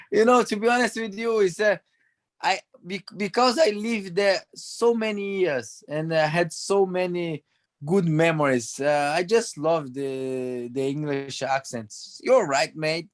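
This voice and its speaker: Brazilian ex-athlete guest in his thirties, high-pitched, halting English, laughs easily. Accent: Brazilian Portuguese. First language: Portuguese. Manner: halting, laughs often, restarts. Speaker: guest, former footballer. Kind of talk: podcast interview.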